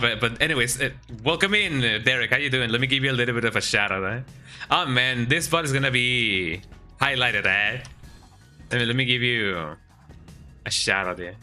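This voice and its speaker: A male streamer chats casually over his gameplay, rambling and restarting his sentences, often tagging them with a quick "eh?". His voice is strikingly bright and forceful, and faint game music plays underneath. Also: medium pitch. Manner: rambling, tags remarks with "eh?". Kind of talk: casual live-stream chat while gaming.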